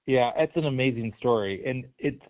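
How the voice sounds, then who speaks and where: A man's voice: medium pitch, normal speed. Man, interview host, short encouraging remarks, phone-like audio, slightly off-mic. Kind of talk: casual interview. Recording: tinny phone-like line, off-mic.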